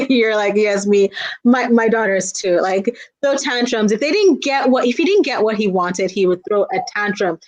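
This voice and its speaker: A woman tells a folktale in a playful, unhurried way. She invites the listener to answer back in call-and-response. Her voice sits a little high. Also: muffled recording. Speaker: children's book author and guest. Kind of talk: telling a folktale aloud.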